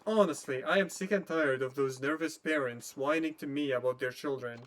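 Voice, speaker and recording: A man's voice: on the high side, normal speed, fairly bright tone, lightly acted. A man playing a sneering, cold schoolteacher. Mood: contemptuous. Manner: cold, condescending. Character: sneering, dismissive male schoolteacher.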